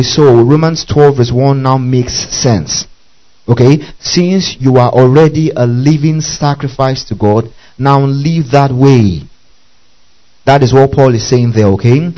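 A man's voice: mid-range voice, a little mellow, dull audio. Man teaching a Bible study. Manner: spells out Greek words letter by letter, checks in with "okay?".

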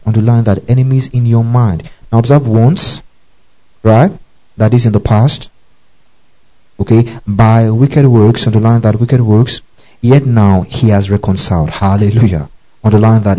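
A man's voice: lowish voice, steady tone, moderate pace, dark tone, low-quality recording. A man preaching a Bible teaching sermon, repeating key phrases and often checking that listeners follow him. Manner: tells listeners to underline verses.

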